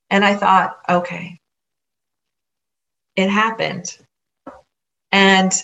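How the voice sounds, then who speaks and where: A woman's voice: mid-range voice, a bit bright, poor audio. A woman hosting a motivational podcast, telling a personal story in an earnest, encouraging way and repeating phrases for emphasis. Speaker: podcast host.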